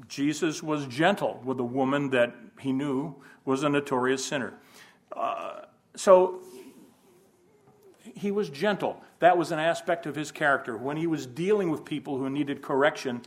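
A man's voice: a little high, unhurried. A man giving an informal Bible lesson, thinking aloud, asking rhetorical questions and adding folksy humor. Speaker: Bible class teacher.

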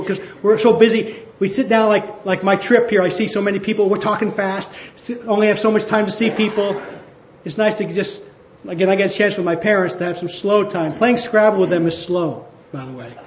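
A male pastor with a fairly high voice preaches in a relaxed, conversational way, often drawing words out slowly for emphasis. He is recorded in an echoey church hall. The sound is slightly dull and lo-fi. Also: a little hiss or hum. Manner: conversational, with slowed emphatic phrases. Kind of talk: sermon.

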